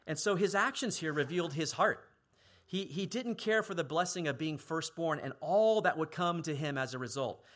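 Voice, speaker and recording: A male pastor preaching a sermon earnestly, at times dropping to a hushed, grave tone for emphasis. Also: on the high side, moderate pace.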